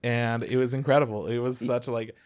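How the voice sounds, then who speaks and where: Casting: relaxed, profane male podcast co-host, smooth, close and dry. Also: mid-range voice, brisk, no room sound. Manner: laid-back, swears a lot, laughs often. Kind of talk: casual chat.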